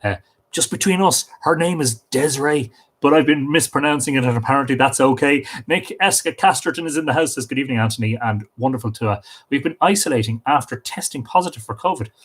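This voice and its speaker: A man's voice: mid-range voice, fast, slightly rough. Irish guy, middle-aged, hosting a live stream, reading comments and saying hi to everyone, bit of stumbling. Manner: chatty, warm greetings to each name, small slips and restarts. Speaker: livestream host greeting viewers.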